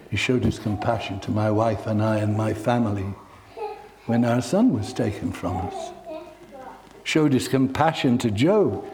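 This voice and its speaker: A man's voice: mid-range voice, noisy background. A man preaching a sermon, telling stories in an earnest, heartfelt way.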